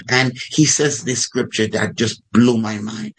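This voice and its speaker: A man's voice: medium pitch, a little slow, few pauses, fairly bright tone, husky, poor audio. A man preaching a sermon in a fervent storytelling manner, repeating phrases for emphasis.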